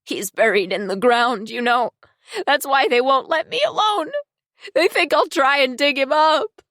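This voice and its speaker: A woman narrator voicing a tormented, hysterical young woman with a raspy voice, speaking in a shrill, panicked, pleading way. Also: unhurried, fairly bright tone, no echo, studio quality. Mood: eerie.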